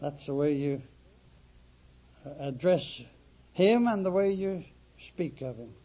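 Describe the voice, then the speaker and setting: A man preaching a sermon, emphatic and deliberate, stressing words through repetition. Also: on the high side, animated, warm tone. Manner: emphatic, slow, dramatic repetition. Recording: dull lo-fi recording.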